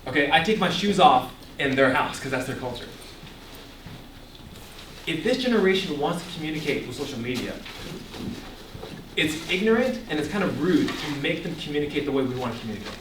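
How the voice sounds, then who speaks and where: A young man with a fairly high voice gives an animated teaching talk, quizzing his listeners and laughing often. He sounds set back from the mic in an echoey room, with a faint hum of ambience behind him. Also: a little fast, long pauses, distant mic. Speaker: ministry speaker. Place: echoey room before a live audience. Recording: echoey room, voice picked up from afar.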